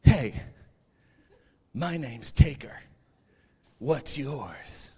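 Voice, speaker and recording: A man doing a comic impression of a brooding male wrestler, speaking low and slow with mock menace. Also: big pitch swings, dark tone, breathy edge, heavily acted. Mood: mock menacing.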